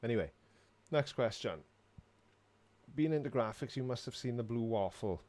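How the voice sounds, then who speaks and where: A man's voice: medium pitch, expressive, moderate pace, a little mellow. A middle-aged man, casually answering viewers' questions on a live stream in a dry, sarcastic way. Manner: dry, sarcastic, self-mocking.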